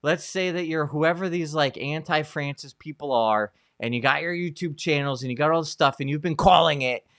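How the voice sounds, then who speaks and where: Animated storytelling man, dry close sound. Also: on the high side, a little fast, few pauses, clean tone, no echo. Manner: animated storytelling, many fillers and restarts. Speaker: co-host, Catholic psychologist. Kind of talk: casual conversational commentary.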